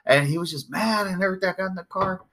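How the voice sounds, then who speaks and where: A man with a bright, ringing voice pitched a little high, chatting casually and telling animated stories. He swears freely and acts out what people said. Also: rapid-fire, slight background noise. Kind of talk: casual storytelling chat.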